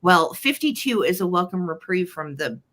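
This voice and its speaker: Bright-voiced woman hosting a live sale. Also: fairly low pitch, big pitch swings, moderate pace. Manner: chatty, greets viewers one by one. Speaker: host of a live vintage sale stream. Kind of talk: casual live-stream chat. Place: upstairs at home.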